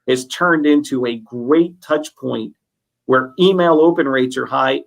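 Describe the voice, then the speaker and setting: A man shares sales anecdotes on a webinar in an easygoing way, with plenty of "you know" fillers. His voice sits at an ordinary pitch for a man. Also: gravelly. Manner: conversational, recounts anecdotes with fillers. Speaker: webinar co-host. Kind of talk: casual webinar chat.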